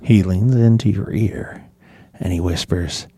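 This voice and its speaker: A man's voice: low voice, mellow, no echo. Man running a tabletop game. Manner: voices the king's advisor in character, brisk table directions. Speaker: game master.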